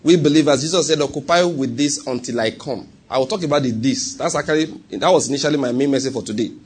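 Speaking quickly in a mid-range voice with a breathy edge, a Nigerian-accented preacher tells a personal story within his sermon. He keeps it conversational and keeps checking that the congregation is following.

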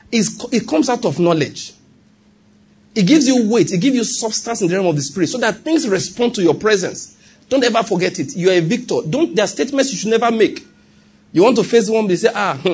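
A man with a Nigerian accent preaching a sermon as pastor, animated and humorous, asking the congregation rhetorical questions. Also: sits high, breathy edge.

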